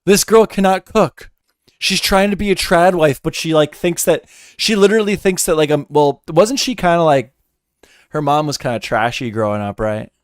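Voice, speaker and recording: A man's voice: a little high, normal speed, smooth, dry recording, clean studio sound. A man hosting a casual reaction stream, rambling and incredulous, swearing freely. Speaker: streamer host.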